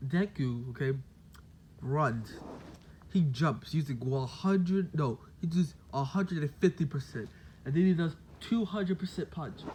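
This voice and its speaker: A man's voice: a little high, a little mellow, a little hiss or hum. A man casually telling a made-up fan story, rambling with lots of "like" and "basically".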